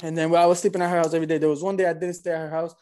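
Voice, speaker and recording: Fast-talking high-voiced young man with New slang. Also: smooth. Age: 20s. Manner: animated, slangy, acts out both sides of the story. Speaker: guest telling a dating story. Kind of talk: casual storytelling.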